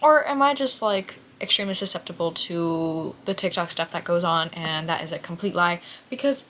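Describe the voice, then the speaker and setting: A woman's voice: fairly low pitch, expressive, moderate pace, fairly bright tone, a little hiss or hum. A young woman vlogging about a book series, reading passages aloud and gushing over them in a chatty, emotional way. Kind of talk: reading vlog, reading aloud and reacting.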